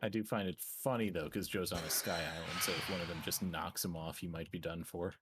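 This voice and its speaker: A man streaming a game and chatting casually, run down and talking in a relaxed, rambling way. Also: sits low, fairly quick, heavy background noise. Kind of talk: casual chat.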